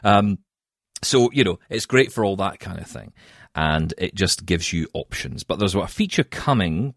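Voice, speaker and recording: A man with a Scottish accent, chatting on a podcast in a self-mocking, animated way. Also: deep voice, slightly rough, dry recording, clean studio sound. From Scotland. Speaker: podcast co-host. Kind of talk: casual chat.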